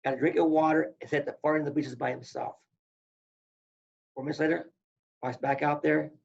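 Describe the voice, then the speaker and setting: Older guy, gravelly voice, spins stories and does everyone's lines, muffled lo-fi audio. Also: on the high side, fairly quick. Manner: animated storyteller, acts out quotes. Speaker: podcast guest, former wrestler. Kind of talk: casual storytelling. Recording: dull lo-fi audio.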